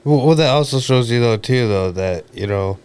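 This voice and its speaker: A man's voice: medium pitch, animated, moderate pace, a little mellow, clean tone. A man hosting a recovery talk show, giving short, plain-spoken replies in casual chat. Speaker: podcast host. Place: podcast studio.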